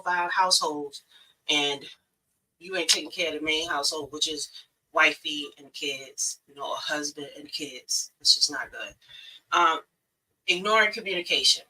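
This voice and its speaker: A woman's voice: low-pitched, pushed and bright, husky, far from the mic, rough recording. A woman giving blunt, preachy relationship advice in a casual live stream, talking straight to women viewers.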